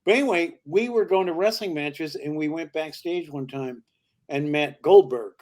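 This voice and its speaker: An older male comedian as a podcast guest, telling long showbiz stories in a lively way and slipping into character voices. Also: on the high side, normal speed. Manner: lively raconteur who slips into character voices. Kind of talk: anecdotal storytelling.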